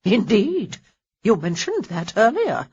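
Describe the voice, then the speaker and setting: A woman's voice: medium pitch, wildly swooping pitch, takes it slowly, a little mellow, husky, muffled recording, heavily acted. A woman voicing a grand, imperious elderly lady who barks her pronouncements. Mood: grandiose.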